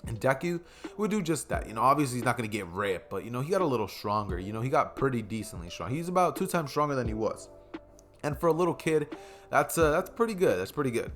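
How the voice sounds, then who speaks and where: A man's voice: mid-range voice, very animated, fast, faint music behind. A young man casually narrating an improvised fan story, rambling with many fillers.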